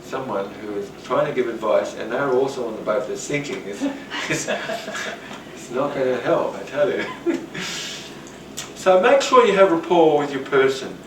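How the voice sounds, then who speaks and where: A man giving a rambling, animated talk on rapport, now and then acting out the voices of people he quotes. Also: medium pitch, a little slow. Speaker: teacher. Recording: roomy, distant, noisy.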